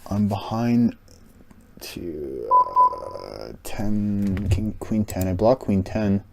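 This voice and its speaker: A man's voice: on the low side, huge pitch swings, very slow, vocal fry, slight background noise. A man streaming an online poker session, thinking aloud about hands and muttering analysis to himself. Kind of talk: casual thinking aloud while playing. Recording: loud keyboard clicks and typing.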